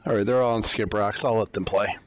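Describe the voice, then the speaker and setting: A man's voice: on the low side, quick pace, slight background noise. A man hosting a casual live stream at a curling club, chatting and commenting on the games. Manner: relaxed, chatty, talks over the game. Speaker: club livestream host. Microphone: headphones and microphone.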